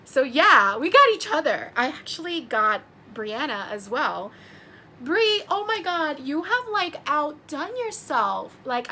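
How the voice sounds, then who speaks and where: A woman's voice: high voice, a little hiss or hum. A woman teacher in her thirties gushing as she opens gifts in a casual vlog, gasping often. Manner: gushing, excitable, gasps often. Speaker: teacher and YouTuber.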